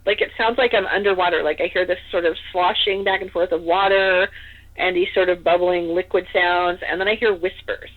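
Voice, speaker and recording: A woman's voice: lowish voice, fairly even intonation, a little fast. A woman from Northern California telling a story as a podcast guest, chatty and rambling, with lots of "like" and "you know.". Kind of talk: casual storytelling in an interview. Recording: tinny phone-line audio.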